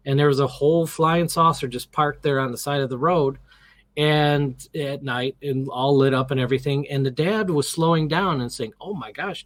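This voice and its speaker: A man's voice: medium pitch, no echo. Man, middle-aged, interview guest, casual storyteller, acts out quotes, dry close sound. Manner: animated, acts out quotes, many restarts.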